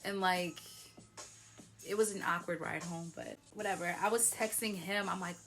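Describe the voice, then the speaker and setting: A woman's voice: lowish voice, normal speed, a bit bright, faint music behind. Chatty young woman telling a story. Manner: chatty, frequent "like", laughs often. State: tipsy from wine. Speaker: vlogger. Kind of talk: casual storytelling.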